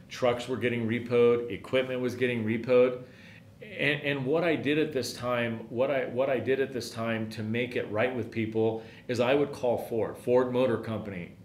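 Earnest middle-aged man telling a story. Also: mid-range voice. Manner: earnest, emphatic, repeats himself. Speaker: podcast host, company owner. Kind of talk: storytelling monologue. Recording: roomy with faint background hiss.

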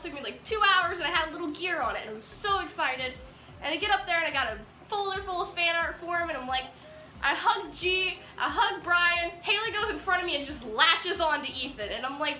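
Teenage girl, very high voice, bright, excited storytime vlog, echoey room. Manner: bubbly, animated retelling with quoted dialogue. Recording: echoey room with faint music.

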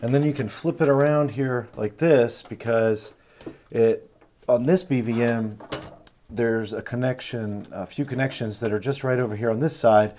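A man hosting a hands-on repair walkthrough, explaining each step in a relaxed way with frequent fillers and restarts. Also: medium pitch, normal speed, a little hiss or hum. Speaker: retro electronics repair host.

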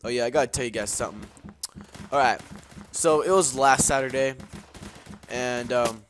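A man's voice: mid-range voice, fairly even intonation, normal speed, background noise. A young man casually telling a rambling story, with lots of swearing and fillers, while playing a shooter game. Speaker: gaming video host. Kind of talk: casual gameplay commentary and storytelling. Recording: gameplay gunfire and clicks behind the voice.

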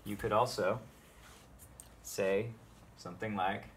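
A man teaching everyday spoken Latin phrases, explaining each one and repeating it slowly so learners can copy it. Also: fairly low pitch, steady tone, a little hiss or hum. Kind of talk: spoken language tutorial.

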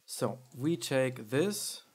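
A man hosting a music production tutorial, explaining in a halting way with many fillers. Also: medium pitch, expressive, slight background noise.

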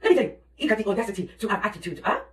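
A woman's voice: mid-range voice, big pitch swings, rapid-fire, reverberant, recorded from a distance, lightly acted, rough recording. A woman playing a brash bawdy mother ranting from the toilet. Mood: complaining. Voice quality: brash, exclamatory, crude. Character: loud bawdy middle-aged mother on the toilet. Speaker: comedic mother character. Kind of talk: comedy sketch acting.

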